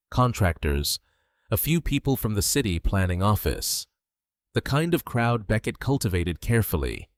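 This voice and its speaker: An older man narrating a first-person story in a slow, steady, measured way. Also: on the low side, no echo, clean studio sound.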